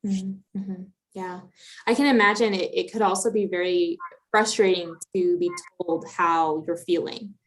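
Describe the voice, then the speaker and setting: A woman's voice: fairly low pitch, steady tone, unhurried. Woman, livestream host, reads viewer questions, friendly, affirming, lots of fillers. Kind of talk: livestream Q&A hosting.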